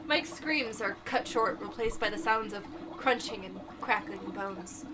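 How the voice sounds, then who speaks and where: A woman reading a horror comic aloud among friends, narrating in an unhurried, playful way. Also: medium pitch, sharp tone, a little hiss or hum. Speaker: reader.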